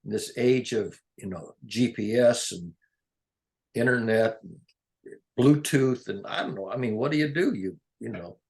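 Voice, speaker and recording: A man's voice: on the low side, unhurried, gravelly, a little mellow. An older man in a casual, rambling chat, drifting between topics and chuckling often. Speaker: conversation partner.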